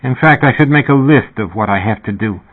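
A man's voice: fairly low pitch, animated, fairly quick, slightly rough. A man reading the inner thoughts of a sickly pregnant woman in a sardonic, wry monologue. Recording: narrow, phone-like sound.

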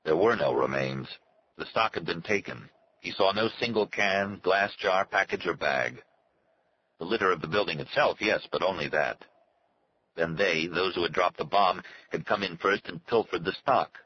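A man giving a steady, measured reading of a novel as its narrator. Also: sits low, highs cut off, slight background noise. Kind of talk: scripted audiobook narration.

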